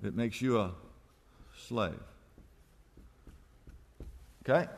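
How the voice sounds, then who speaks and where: A man's voice: mid-range voice, extremely slow, gravelly, in a large hall. A man preaching a sermon as pastor, telling a story and acting out the voices of its people, with lots of repetition.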